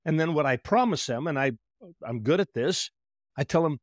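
Animated man, slightly high voice. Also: normal speed, dry recording, studio quality. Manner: animated storyteller, acts out client dialogue. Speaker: therapist guest. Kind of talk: podcast interview.

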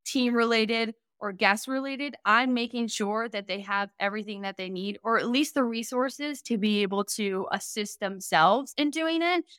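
A woman's voice: a little high, normal speed, hardly any pauses, a bit bright, clean tone, no room sound, clean studio sound. A woman in her twenties, a guest on a podcast, chatting candidly about starting her business. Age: 20s. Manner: chatty, candid, playful banter. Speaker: guest, vacation rental business owner. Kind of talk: casual podcast interview.

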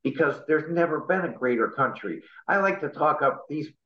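A middle-aged man, an interview guest, speaking earnestly and with deep feeling, at times close to choking up. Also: expressive, normal speed, roomy sound, highs cut off. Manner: impassioned, patriotic, choked up at times. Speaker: interview guest, party chair candidate.

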